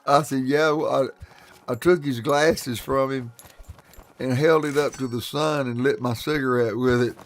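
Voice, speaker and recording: A man's voice: medium pitch, steady tone, a little slow. A man telling folksy stories on a live stream, laughing often and acting out what people said. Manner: folksy, laughs often, acts out his quotes. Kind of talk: casual storytelling on a live stream.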